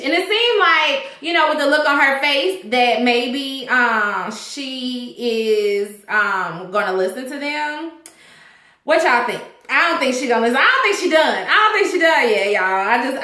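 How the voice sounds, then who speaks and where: A high-voiced young woman chats through a TV episode recap, bright and animated, with plenty of cursing. She slips into the characters' lines as she goes. The sound is echoey, like a bare room. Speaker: vlogger reviewing a TV episode. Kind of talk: casual recap chat.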